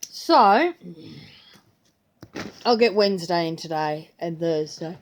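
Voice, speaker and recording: A woman's voice: on the low side, very animated, takes it slowly, long pauses, muffled recording. An older grandmother, chatting casually in her vlog, rambling and slipping into playful voices when she retells things. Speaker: vlogger. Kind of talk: casual chat.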